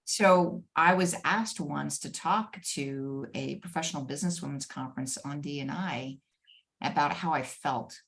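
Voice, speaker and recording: A woman guest on a video-call interview, telling her own stories in a lively, animated way with some laughter. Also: low voice, a little slow, gravelly. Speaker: guest, former head of HR. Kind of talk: conversational storytelling interview.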